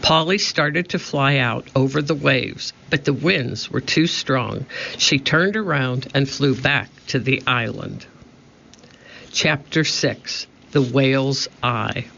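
A man narrating a children's storybook with slow, measured reading. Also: mid-range voice, vocal fry, pushed and bright, slight background noise. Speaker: audiobook narrator. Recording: dull lo-fi recording.

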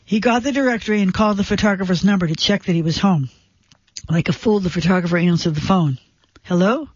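Man narrating a suspense story, high voice. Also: fast, no echo, muffled recording.

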